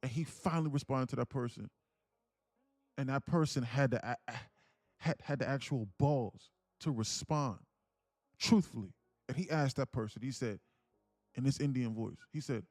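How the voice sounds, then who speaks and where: A man's voice: medium pitch, moderate pace, pauses often, a little mellow, dry recording, clean studio sound. A young man hosting a live day trading stream, talking passionately and emphatically, swearing freely. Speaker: day trading livestream host.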